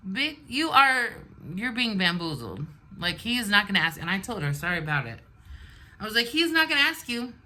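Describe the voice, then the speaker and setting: A woman's voice: medium pitch, sing-song, moderate pace, pushed and bright, a little hiss or hum. A woman in her forties telling a storytime while doing her makeup, venting bluntly and animatedly. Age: 40s. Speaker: vlogger. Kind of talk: get-ready-with-me storytime.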